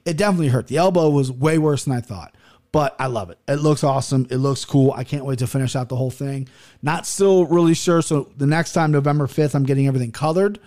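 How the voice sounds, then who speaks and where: A man's voice: mid-range voice, fast talker. A man in his thirties hosting a podcast in casual chat, rambling, swearing freely and restarting his sentences. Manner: profane, rambling and animated, with frequent restarts. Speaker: podcast host.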